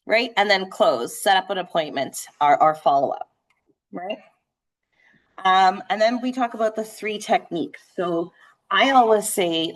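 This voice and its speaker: A woman real estate trainer leading a live sales training session, talking fast and animated, checking in with "right?" as she goes. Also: on the low side. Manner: conversational, frequent "right?" checks.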